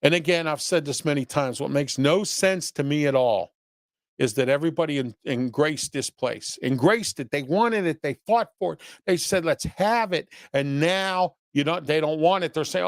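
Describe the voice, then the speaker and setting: On his local commentary show, the host reads viewer chat and shares opinions, often rambling and bluntly scolding listeners with rhetorical questions and a repeated "okay?" His voice is a little high and moves at a normal speed. The studio sound is clean, with no room sound.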